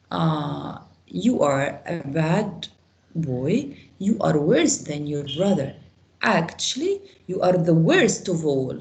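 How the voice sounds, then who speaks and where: A woman teaches an English grammar lesson, working through example sentences slowly. Her voice is low, dark and gravelly, and it swings widely in pitch as she quizzes her students. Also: big pitch swings. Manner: slow, example-driven explaining, quick questions to students. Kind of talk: online class teaching.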